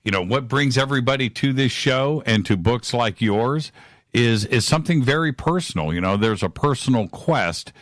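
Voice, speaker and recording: A man's voice: medium pitch, animated, normal speed, a bit bright, dry recording, clean studio sound. A man hosting a live call-in radio show, enthusiastic and rambling.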